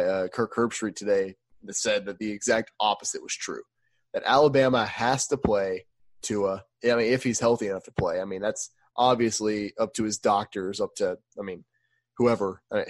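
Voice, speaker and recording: A man's voice: lowish voice, a little fast, dry recording. A young man co-hosting a casual sports podcast, reacting with emphatic disbelief and strong opinions. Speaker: podcast co-host.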